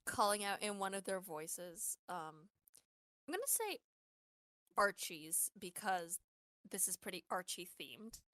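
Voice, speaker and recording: A woman playing a tabletop game, narrating her character's actions with animated storytelling. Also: mid-range voice, unhurried, no echo. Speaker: player. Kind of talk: tabletop role-play chat.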